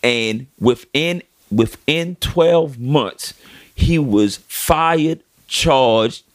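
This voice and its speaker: A man's voice: mid-range voice, drawn-out words, no room sound, clean studio sound. A man co-hosting a casual podcast, speaking, telling stories emphatically. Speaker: podcast co-host. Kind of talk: casual chat.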